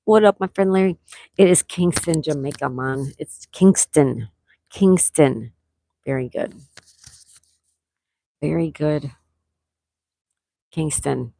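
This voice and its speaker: A woman with a low voice hosts a friendly trivia livestream. She reads viewers' names and answers straight from the chat and stretches out each question. The sound is dry and close, with no room echo. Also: slow pace, gravelly, pauses often, warm tone. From near Fort Lauderdale, Florida. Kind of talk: casual live-stream chat, reading viewer answers. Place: indoors at home during a thunderstorm.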